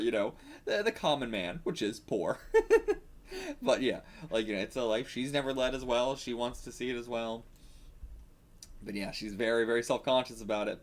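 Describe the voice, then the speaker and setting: A chatty man hosts a casual manga reaction, his voice sitting at an ordinary middle pitch. His intonation is lively and swings widely as he reads and comments. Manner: animated, chatty. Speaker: reaction channel host.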